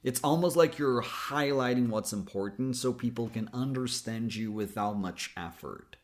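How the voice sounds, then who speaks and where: A man with an American accent explaining English rhythm as a coach, in a calm, explanatory way that stretches key words. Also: mid-range voice, moderate pace. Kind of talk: English pronunciation lesson.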